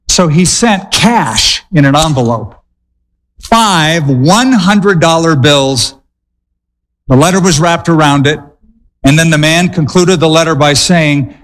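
A male pastor preaching a sermon, telling stories with dramatic pauses and quick bursts. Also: on the high side, animated, long reverb tail, rough recording.

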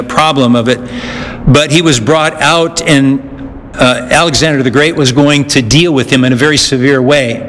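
A man preaching a sermon as pastor, earnest, pausing often with fillers and restarts. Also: medium pitch, fairly bright tone. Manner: earnest, with frequent "uh" pauses and restarts. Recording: echoey hall, faint noise.

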